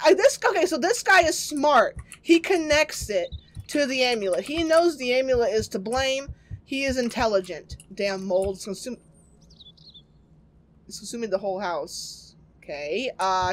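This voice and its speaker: A woman streamer giving sarcastic, excitable commentary while playing a game. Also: on the high side. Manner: excitable, sarcastic, swears and laughs a lot. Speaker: gaming streamer. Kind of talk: let's play commentary.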